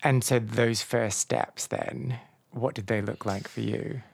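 A man's voice: mid-range voice, fairly even intonation, takes it slowly, gravelly, breathy edge. A man hosting a casual interview, asking questions with playful, jokey interjections. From outside the USA. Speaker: podcast host, interviewer.

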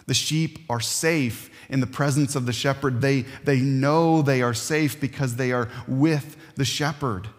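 Earnest preacher man in reverberant hall. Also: medium pitch. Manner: earnest, emphatic, with dramatic pauses. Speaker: pastor. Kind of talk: sermon.

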